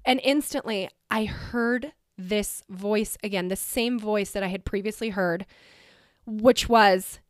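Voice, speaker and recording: A woman's voice: mid-range voice, slow, no echo, clean studio sound. A woman in her thirties from the United States hosting a podcast, telling a personal story in a chatty, emotional way with lots of "like.". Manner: chatty, emotional, heavy use of "like". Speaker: podcast host.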